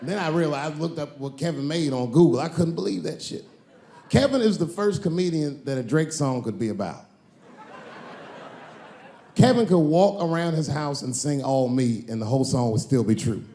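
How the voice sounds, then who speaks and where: A middle-aged man performing stand-up comedy, spinning profane stories in a fairly high voice. He jumps into bursts of emphasis between steadier stretches of storytelling. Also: animated, normal speed, mellow, a little hiss or hum.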